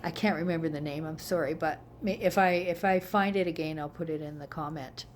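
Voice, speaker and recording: A woman's voice: low voice, steady tone, a little fast, slight background noise. A Canadian woman from Edmonton with an Albertan accent, chatting casually in a rambling way, full of fillers and restarts. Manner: chatty, rambling, fond of filler and self-corrections. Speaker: vlogger. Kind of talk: casual chat.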